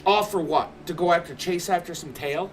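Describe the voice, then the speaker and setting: A man's voice: on the high side, fairly quick, over a noisy crowd. A man streaming from home, telling a story in casual chat, swearing constantly and ranting with animation.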